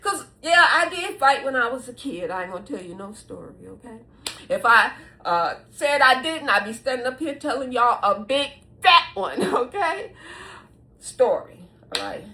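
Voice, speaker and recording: A middle-aged woman giving viewers blunt advice in a casual monologue, preachy and animated, often laughing mid-sentence and calling out to them as y'all. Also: high voice. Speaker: vlogger.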